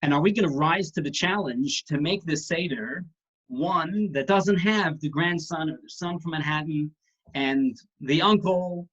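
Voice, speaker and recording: A man's voice: fairly high pitch, fairly bright tone. Man, casual teacher, restarts his phrases, muffled video call audio. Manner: conversational, tells jokes, restarts phrases. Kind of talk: casual online class talk.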